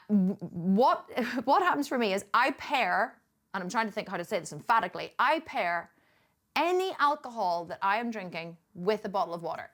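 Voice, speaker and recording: A woman's voice: mid-range voice, fairly bright tone. A middle-aged woman from Northern Ireland with a Northern Irish accent, telling a story in a chatty, emphatic vlog style. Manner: chatty and emphatic, with frequent restarts and laughs. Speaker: fitness coach.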